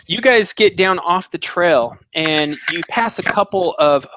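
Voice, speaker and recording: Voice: mid-range voice, lively intonation, a little slow, a bit bright, dry recording, poor audio. Game master narrating a tabletop scene. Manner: descriptive scene narration with fillers.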